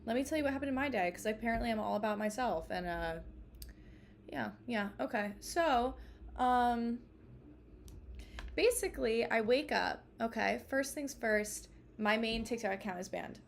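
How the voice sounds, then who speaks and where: A woman's voice: on the high side, animated, moderate pace, vocal fry, slight background noise. A woman in her twenties, a streamer, venting to her chat in a rambling, exasperated way, full of fillers and swearing. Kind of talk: casual live-stream venting. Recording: faint music behind.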